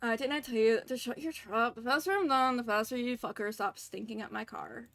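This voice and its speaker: A woman voicing a crude, foul-mouthed gangster man, reading him with a put-on Southern US accent in a gruff, bossy way. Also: on the high side, fairly quick, fairly bright tone.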